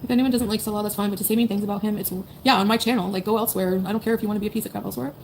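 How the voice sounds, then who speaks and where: Fast-talking blunt woman streamer. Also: mid-range voice, steady tone, a little mellow, a little hiss or hum. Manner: blunt, profane, rambling with many "like"s and "you know"s. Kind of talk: casual livestream chat.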